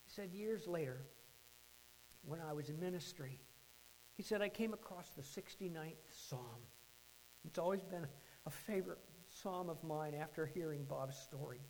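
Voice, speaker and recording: A pastor with a high voice tells a story in a sermon, dropping to a hush and then rising loud. A faint hum runs underneath. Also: male voice, normal speed, poor audio. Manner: dramatic storytelling, swings from hushed to loud.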